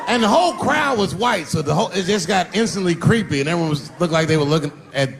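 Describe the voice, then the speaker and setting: A man doing conversational stand-up on stage, relaxed and wry. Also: high voice, quick pace, vocal fry. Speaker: stand-up comedian. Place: comedy stage before a large audience. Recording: loud crowd and noise on a live recording.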